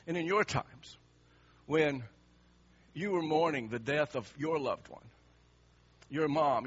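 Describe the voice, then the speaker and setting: Pastor guy preaching, bright husky voice, goes quiet then loud, kinda muffled recording. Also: medium pitch. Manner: emotional, swinging from soft to loud. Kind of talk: sermon. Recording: slightly muffled sermon recording.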